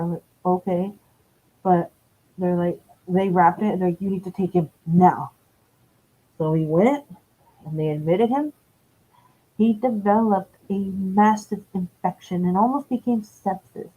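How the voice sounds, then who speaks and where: A woman's voice: medium pitch, mellow. A woman, telling a long story on a live stream in a rambling, profane way, correcting herself as she goes. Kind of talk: casual storytelling. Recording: dull lo-fi stream audio.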